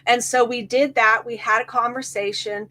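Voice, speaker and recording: A middle-aged woman, a hypnotherapist appearing as a guest, tells a client story in casual chat, animatedly acting out the quoted voices. Her fairly high voice is pushed and bright, steady in tone, at normal speed.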